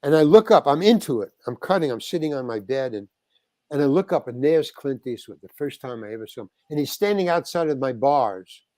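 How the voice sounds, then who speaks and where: A man's voice: medium pitch, animated, brisk, darkish tone, dry recording. Older guy telling a story in an interview, lots of stops and restarts, dry close sound. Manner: storytelling with restarts, acting out quoted exchanges. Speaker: guest actor.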